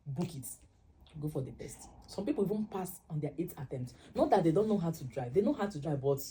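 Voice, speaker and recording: A young Nigerian-accented woman tells a story straight to her viewers, slipping into the voices of the people she quotes. Her voice sits low and sounds warm and mellow, never sharp. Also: a little hiss or hum. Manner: animated, acts out dialogue in quoted voices. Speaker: vlogger. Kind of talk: casual storytelling to camera.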